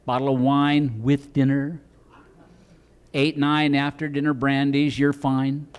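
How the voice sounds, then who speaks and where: A comedian from Chicago performing a stand-up set on a club stage, acting out cops with loud siren noises and mock accents. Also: male voice, mid-range voice, little pitch movement, slow pace, clear, resonant tone.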